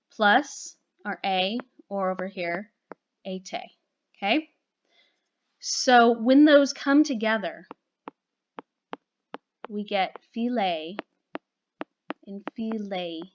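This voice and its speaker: A woman's voice: mid-range voice, drawn-out words, long pauses, muffled recording, a little hiss or hum. A woman teaching a recorded grammar lesson, explaining patiently and checking in with "okay?" and "right?".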